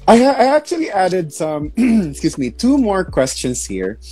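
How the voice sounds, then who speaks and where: Young guy hosting a live interview, warm mellow voice, chatty and kind, faint music in the back. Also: high-pitched, very animated, measured pace, breathy edge. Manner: chatty, sympathetic, casual fillers. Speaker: interview show host.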